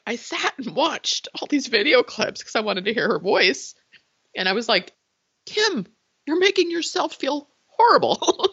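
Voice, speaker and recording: A middle-aged woman chats openly as a podcast guest, her pitch swinging up and down as she talks. She sounds heartfelt and laughs easily. The recording is slightly dull and lo-fi, with very little room sound. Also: a bit bright, slightly rough, no room sound. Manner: chatty and heartfelt, laughs often. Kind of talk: casual interview talk.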